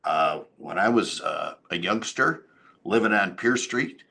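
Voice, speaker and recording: A man giving a local government update as town supervisor, talking in a halting way with many fillers and self-corrections. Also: low voice, expressive, vocal fry, bright, forceful tone.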